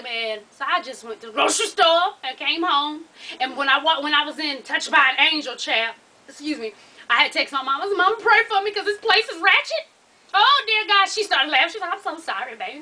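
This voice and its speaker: Young woman vlogger, bright high voice, lively and profane storyteller, a bit away from the mic. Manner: animated, profane, laughs through her stories. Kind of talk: casual storytelling vlog. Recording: voice from a distance off the mic.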